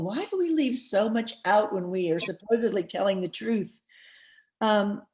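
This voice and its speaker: A woman's voice: medium pitch, darkish tone. A woman author speaking as a podcast guest, passionate and emphatic, with light laughs between her points. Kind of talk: podcast interview.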